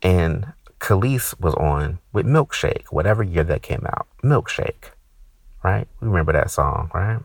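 A man in his thirties doing stand-up, ranting with profanity and sudden high-pitched outbursts. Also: lively intonation, unhurried, vocal fry, breathy edge, no echo, clean studio sound. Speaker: stand-up comedian. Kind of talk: stand-up comedy set.

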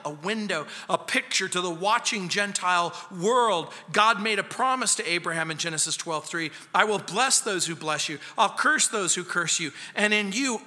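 A male pastor preaching a verse-by-verse sermon in an emphatic way, speeding up and slowing down for effect. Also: sits high, pushed and bright. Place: church sanctuary. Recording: long reverb of a church sanctuary.

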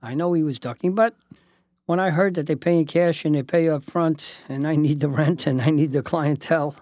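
Lawyer guy telling a story, bit high pitched, dry sound. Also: normal speed, no echo. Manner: lively storytelling with asides and voiced quotes. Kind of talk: spoken anecdote.

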